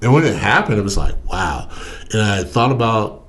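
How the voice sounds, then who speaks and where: A man's voice: on the low side, normal speed. A middle-aged man, a former pro football player, telling stories in a casual interview and acting out the other voices in them. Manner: animated storyteller who acts out the other voices in his stories.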